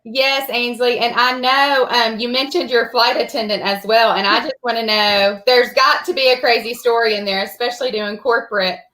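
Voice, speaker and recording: Woman co-host, bright slightly high voice, upbeat and affirming. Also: fairly even intonation, rough recording. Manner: upbeat, quick to laugh and affirm. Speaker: podcast co-host. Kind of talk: casual interview chat.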